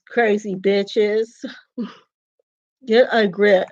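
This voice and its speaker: A woman's voice: mid-range voice, darkish tone. A woman from the United States in a rambling, indignant monologue rant, laughing between phrases and restarting and repeating her words. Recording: dull lo-fi recording.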